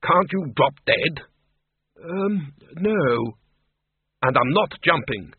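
A man's voice: a little high, animated, slow pace, husky, dry recording, voice pushed up, full character voice. A man reading aloud and voicing a fretful, whining vampire count in a tinny, phone-like recording. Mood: whiny. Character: nervous, whiny male vampire count. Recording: tinny phone-like dry audio.

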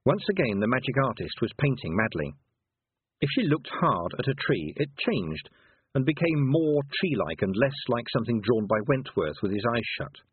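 Husky man narrating over a tinny line. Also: mid-range voice, normal speed, no echo. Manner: expressive, varied delivery. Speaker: audiobook narrator. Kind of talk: storybook narration. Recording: tinny phone-like sound, dry.

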